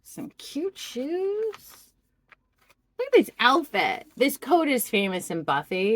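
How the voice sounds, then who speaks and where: A woman doing a pick-a-card tarot reading, speaking to the viewer in a slow, heartfelt and expressive way. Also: medium pitch, slight background noise. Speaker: tarot reader.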